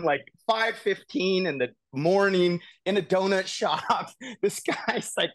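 A man co-hosting a podcast, telling a long personal story in a casual, animated way full of "like" and "you know.". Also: fairly high pitch, dry recording. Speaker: podcast co-host.

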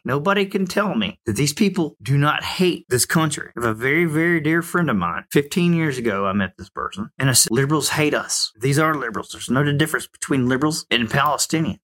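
A man's voice: mid-range voice, bright, forceful tone. A man in his forties from the United States, giving an emphatic, opinionated monologue that rises to heated outbursts. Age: 40s.

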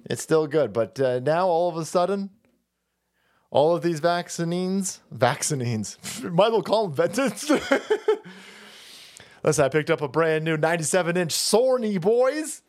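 A man's voice: a little high, animated, moderate pace, a little mellow. A man in his forties hosting a livestream, delivering a profane, mocking comedic rant and laughing often. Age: 40s. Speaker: livestream host.

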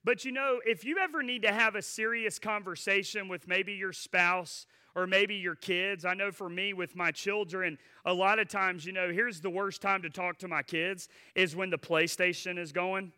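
A man's voice: sits high, fairly even intonation, normal speed, hardly any pauses, sharp tone, smooth. A male pastor delivering a sermon, moving between earnest preaching and chatty, humorous asides to the congregation.

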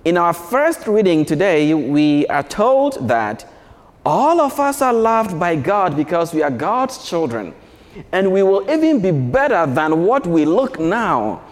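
A man, a priest, giving a homily to schoolchildren, leading them in call-and-response in a gentle, animated way. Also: high-pitched, unhurried. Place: large church. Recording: long church reverb.

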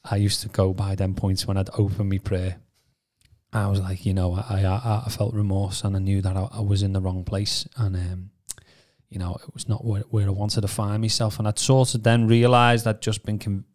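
A man with a fairly low, mellow voice and little pitch movement tells his story as a podcast co-host at a normal pace. It comes out as casual testimony that wanders, packed with restarts and "you know."

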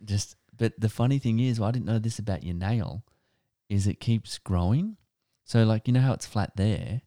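An Australian man co-hosting a podcast, telling rambling stories in a low-key casual chat. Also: moderate pace, mellow, no room sound, clean studio sound. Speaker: podcast co-host.

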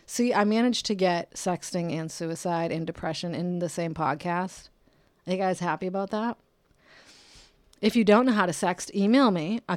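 A woman's voice: fairly low pitch, dry recording. A young woman from Massachusetts hosting a casual monologue podcast, rambling, profane and jokey, laughing often. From Brockton, Massachusetts. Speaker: podcast host. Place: home in California.

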